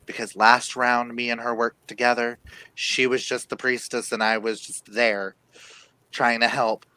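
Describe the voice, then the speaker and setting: A man co-hosting a live chat show in a casual way, laughing loudly in high bursts. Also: level tone, measured pace, clean tone, poor audio. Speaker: livestream co-host.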